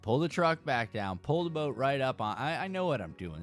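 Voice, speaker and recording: Animated man telling a fishing story. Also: mid-range voice, normal speed, hardly any pauses, soft background music. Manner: animated storyteller, exaggerated emphasis, addresses viewers and chat. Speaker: fishing channel host. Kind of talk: casual livestream storytelling.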